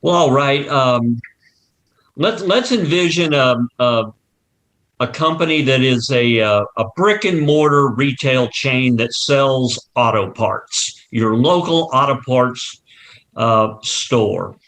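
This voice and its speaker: A man's voice: medium pitch, expressive, takes it slowly, fairly bright tone. A man being interviewed as a company marketing executive, explaining his business through long walk-through examples and often restarting his sentences.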